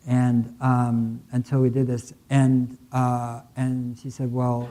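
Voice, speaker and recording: A man's voice: mid-range voice, monotone, slow pace, few pauses, dark tone, poor audio. An older man giving a conference keynote, telling stories conversationally with many fillers and restarts. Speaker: keynote speaker. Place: lecture hall.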